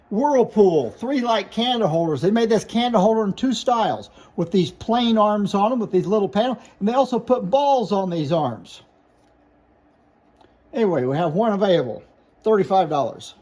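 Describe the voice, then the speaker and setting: A man with a high voice runs through glassware for sale, one piece at a time. He names each item, points out chips and repairs, and gives the price in a plain, matter-of-fact way. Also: a little mellow. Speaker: glass seller. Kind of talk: product showcase sales talk.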